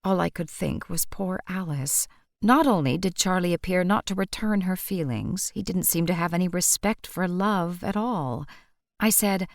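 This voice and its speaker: A woman narrating an audiobook in a wry, measured manner. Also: fairly low pitch, creaky, no room sound, clean studio sound.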